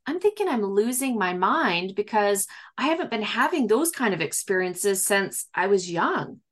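Very animated and a little bright, this woman talks at a normal speed in a mid-range voice. As an interview guest she chats casually through her story, acting out quoted dialogue and leaning on lots of fillers.

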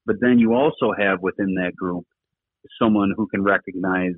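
Husky man on a tinny phone line. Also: low voice, moderate pace, no echo. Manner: earnest, rambling with many fillers. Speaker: former rugby coach, podcast guest. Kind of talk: casual conversational interview talk.

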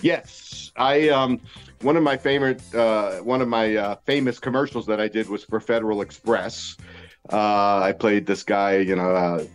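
An older man from Long Island, a guest telling joking stories in a radio interview with crisp, articulate speech. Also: on the low side, fairly even intonation, faint music behind. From New York, Long Island. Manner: rapid-fire, articulate, joking storyteller.

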